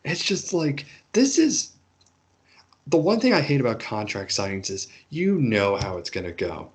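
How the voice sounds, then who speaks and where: A man co-hosting a casual wrestling chat, animated and acting out quotes. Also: fairly low pitch, moderate pace, slightly rough. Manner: animated, acts out quotes in raised voices. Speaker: podcast co-host.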